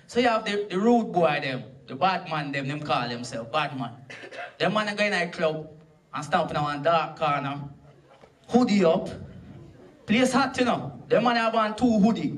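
His voice on the high side and fairly bright, a Jamaican-accented comic performs a punchy set and banters with the audience on a club stage. The clip is an amateur live recording made from far away, with crowd noise.

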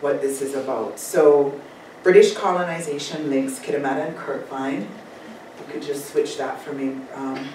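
A woman from Jamaica with a Jamaican accent, giving a reflective academic talk at a symposium and asking for the slides to be changed. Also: deep voice. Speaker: panel speaker. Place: lecture room at a symposium. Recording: echoey room, far from mic, faint noise.

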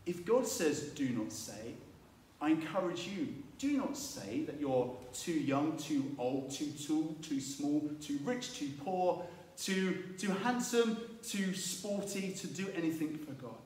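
A man preaching a sermon, telling Bible stories with lively acted-out voices. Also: a little high, measured pace, a little hiss or hum. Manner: animated storytelling, acting out biblical voices. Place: church. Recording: echoey room, mic at a distance.

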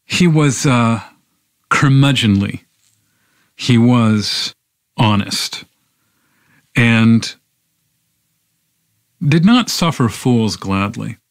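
A man reading a poem aloud on a podcast, then reflecting on it in a measured, unhurried way with thoughtful pauses. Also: mid-range voice, dry recording, clean studio sound. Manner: measured and unhurried, with pauses and fillers when speaking freely. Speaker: podcast poetry reader. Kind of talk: slow poetry reading and reflective commentary.

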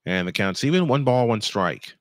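A man in his fifties doing live fan play-by-play of a baseball game, goofy and chatty between pitches, correcting himself as he goes. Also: animated, normal speed, a bit bright, no room sound, clean studio sound. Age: 50s. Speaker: play-by-play announcer.

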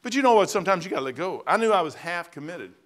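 A man's voice: sits high, expressive, rapid-fire, fairly bright tone. A man preaching a sermon in a church as its pastor, telling stories in a folksy, plain-spoken way with bursts of emphasis. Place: church sanctuary.

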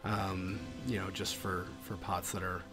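Guy with a lowish voice talking over his poker hands, lots of uhs, faint music behind. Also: flat delivery, creaky. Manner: halting, many fillers and restarts. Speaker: poker vlogger.

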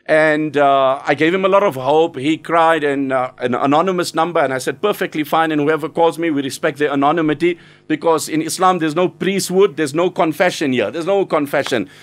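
Fast-talking high-voiced male preacher. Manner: earnest, urgent exhortation with Arabic recitation. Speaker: Islamic lecturer. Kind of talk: sermon.

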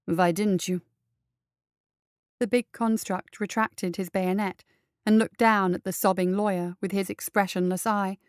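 A woman narrating an action story in a steady, measured reading. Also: mid-range voice, clean tone, dry recording, studio quality.

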